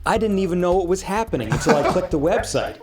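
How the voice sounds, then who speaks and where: A man hosting a casual interview, reading viewer comments aloud in a playful, animated way. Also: high voice, fast talker, music in the background. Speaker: host.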